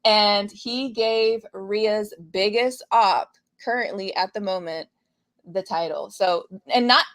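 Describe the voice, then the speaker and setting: A woman's voice: medium pitch, slow pace, a bit bright. A woman co-hosting a casual podcast, chatting animatedly about the week's wrestling, laughing often and trailing off mid-thought. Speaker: podcast co-host. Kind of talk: casual wrestling recap chat.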